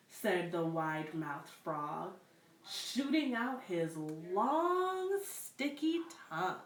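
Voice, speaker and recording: A woman reading picture books aloud to children at story time, expressive and encouraging. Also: fairly low pitch, very slow, distant mic. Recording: roomy echo, away from the mic.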